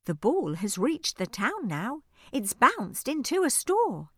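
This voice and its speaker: Woman storybook narrator, unhurried and highly animated, dry studio sound. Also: husky, no echo. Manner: expressive, rhyming sing-song delivery. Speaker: audiobook narrator. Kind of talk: children's storybook reading. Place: recording studio. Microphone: studio microphone.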